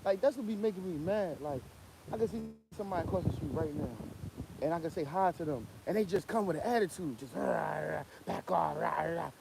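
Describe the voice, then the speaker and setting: A man's voice: high-pitched, animated, fast, noisy background. A young man, ranting bluntly and profanely in a casual livestream, coughing from a cold. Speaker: livestream host.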